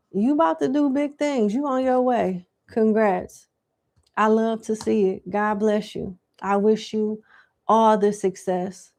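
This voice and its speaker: A woman's voice: medium pitch, mellow. A woman giving live tarot question readings in a casual, slangy, chatty way. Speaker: tarot reader.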